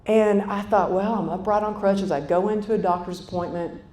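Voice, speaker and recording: A woman's voice: fairly even intonation, normal speed, darkish tone. A woman in her fifties giving a motivational keynote, telling a story in a chatty way and talking straight to the audience. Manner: conversational, addresses the audience directly. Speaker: keynote speaker. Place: conference hall stage. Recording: echoey hall with faint rumble.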